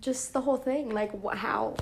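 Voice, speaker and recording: A young woman chats casually on a podcast and keeps asking how things could be possible. Her voice sits a little higher than most. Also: normal speed, slight background noise, low-quality recording. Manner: curious, asks incredulous questions. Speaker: podcast co-host. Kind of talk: casual chat.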